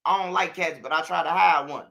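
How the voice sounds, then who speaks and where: High, bright-voiced Chicago man preaching. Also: steady tone, a little fast, creaky. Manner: street slang, repetitive, preachy. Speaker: channel host. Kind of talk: casual monologue to viewers.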